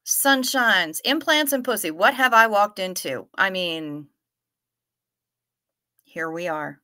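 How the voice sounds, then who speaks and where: A woman hosts a casual livestream, reading viewers' comments aloud and playfully teasing them, laughing often and trailing off mid-thought before restarting. Her mid-range voice is pushed and bright with lively intonation, and she takes her time.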